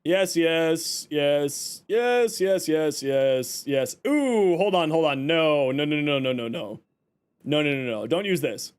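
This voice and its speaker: A man's voice: on the high side, lively intonation, slow, clean tone. A man from Canada live-streaming, chatting with viewers and reacting with joking exasperation. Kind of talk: casual live-stream chat.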